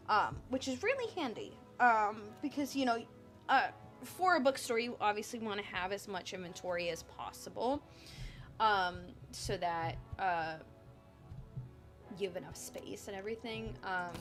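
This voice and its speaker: A young woman talks slowly and loosely as she plays, filling gaps with ums and likes. Her pitch sits in the middle, and faint music plays under her voice. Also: a bit bright. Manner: rambling with many ums and likes. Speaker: streamer. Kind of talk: casual gameplay chat.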